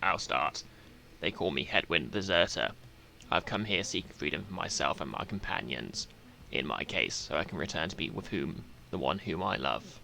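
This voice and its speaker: Man doing deep earnest deserter guy, low voice, serious. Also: expressive, normal speed, gravelly, few pauses, bright, forceful tone, a little hiss or hum, exaggerated voice.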